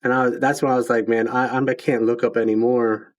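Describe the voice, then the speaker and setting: A man's voice: medium pitch, little pitch movement, fairly quick. A man hosting a casual conversation, talking in a reflective and earnest way. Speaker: podcast host. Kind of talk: casual chat.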